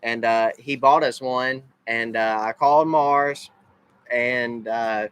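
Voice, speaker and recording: Southern guy, family vlog host, rambling thank-yous, mid pitch. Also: steady tone, slow pace, a bit bright, smooth, low-quality recording. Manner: rambling, lots of uh fillers. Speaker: racing family vlogger. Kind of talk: casual live recap, thanking people.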